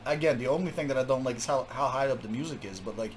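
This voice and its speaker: A man hosting a music reaction video, talking casually with jokes, laughter and quick asides. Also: mid-range voice, slight background noise. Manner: animated, laughing, joking asides.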